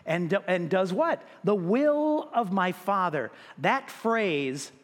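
A man with a high voice delivers a sermon in an emphatic, repetitive way. He lifts his voice when he reads scripture aloud. A long reverb trails behind him, as in a large hall. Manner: emphatic, repeats words, quotes scripture with a raised voice. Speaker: pastor.

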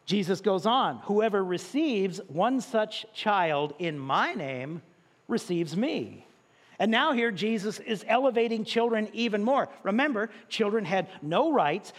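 A man preaching a sermon as pastor, with animated delivery and drawn-out emphasis on key words. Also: high voice. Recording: long reverb in a large hall.

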